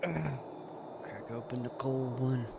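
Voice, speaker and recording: A man streaming a game late at night, talking to himself in a relaxed, muttering way and sounding sleepy. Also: medium pitch, slow, creaky, very noisy. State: sleepy, yawning. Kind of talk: casual gameplay commentary.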